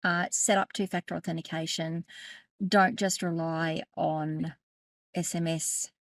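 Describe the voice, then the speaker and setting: A woman's voice: low voice, fairly even intonation, measured pace, no echo. A middle-aged woman, walking viewers through a settings tutorial in a chatty way, correcting herself and often laughing. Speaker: tech educator and podcast host. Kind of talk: screen-share tutorial.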